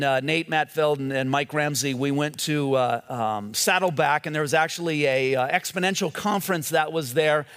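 A man's voice: on the high side, fairly bright tone, clear, resonant tone, in a large hall. A male pastor giving a sermon in a conversational storytelling way, often restarting his phrases.

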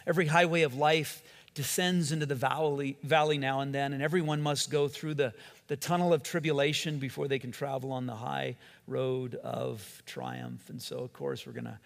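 A middle-aged man preaching a sermon in a conversational, animated way, often restarting his sentences. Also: mid-range voice, gravelly, big-room sound. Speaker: pastor.

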